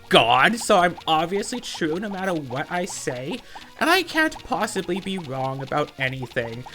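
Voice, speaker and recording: A woman's voice: fairly high pitch, pitched above the performer's own voice. A woman mocking a smug arrogant arguer. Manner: smug, mocking, loud and sneering. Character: arrogant, condescending online arguer of unstated sex.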